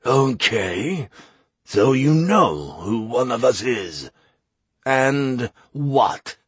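A cunning masked councilman presses his questions in a quiet, pointed tone, as a man reads him. The voice is husky and unhurried, in a dry, close recording. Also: medium pitch, big pitch swings, no room sound, full character voice. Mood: probing.

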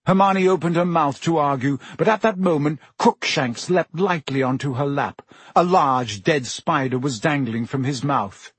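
Male storyteller for an audiobook, slightly high, husky voice, dry booth sound. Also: normal speed, dry recording. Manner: steady storytelling with character voices. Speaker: audiobook narrator. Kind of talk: scripted narration.

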